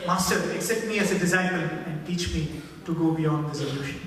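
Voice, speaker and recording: A man's voice: on the high side, brisk, a bit bright, a little hiss or hum, natural voice. A man putting on the voice of a childlike, devoted saint who pleads and complains, recorded far off in an echoey hall. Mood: pleading. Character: tearful devoted young male saint, childlike.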